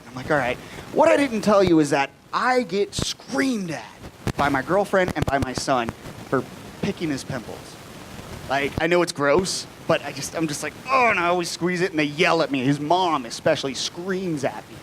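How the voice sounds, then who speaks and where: A late-twenties comedian works a live crowd with foul-mouthed stand-up, muttering quietly and then yelling the punchlines. The audio has a faint hiss or hum.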